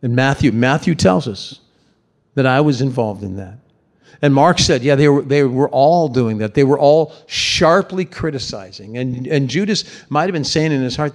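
A man's voice: mid-range voice, moderate pace. A man preaching a sermon in a conversational, emphatic way, often repeating words for stress.

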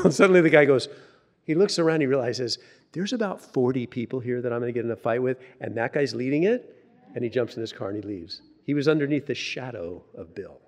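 A male pastor preaching in a loose, chatty way, circling back on his words as he builds a story toward his point. His voice sits at a middle pitch for a man, neither deep nor high. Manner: conversational and animated, many restarts and filler words. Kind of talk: sermon with personal story.

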